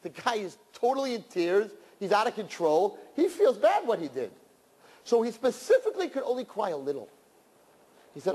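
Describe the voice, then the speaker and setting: Animated rabbi with a slightly high voice. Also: male voice, normal speed, breathy edge, long reverb tail. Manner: animated storytelling, swings between loud and hushed; uses Yiddish and Hebrew terms. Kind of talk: sermon to young people.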